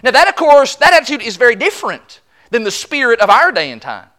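A preacher delivering a sermon with a bright, edged tone. The pitch rises and falls widely from phrase to phrase. The delivery is emphatic, and the preacher slips into voicing the people being quoted. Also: wildly swooping pitch, fast talker. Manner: emphatic, acts out quoted voices. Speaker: pastor.

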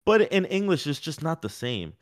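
Male podcast co-host for casual sports chat: rambling and animated, full of fillers. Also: a little high, moderate pace.

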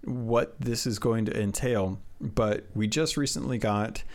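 A man hosting a casual gaming podcast, halting with many restarts as he sets up questions for his co-host. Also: lowish voice.

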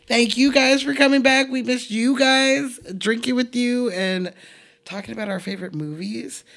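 A woman's voice: fairly high pitch, moderate pace, gravelly, fairly bright tone. A woman co-hosting a podcast in casual chat over drinks, brash and joking, swearing freely. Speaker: podcast co-host.

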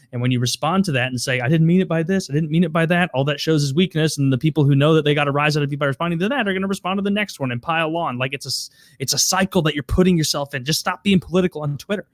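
Blunt, profane man, fairly high voice. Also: no room sound, studio quality. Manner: blunt, profane, fast and emphatic. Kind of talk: casual political chat.

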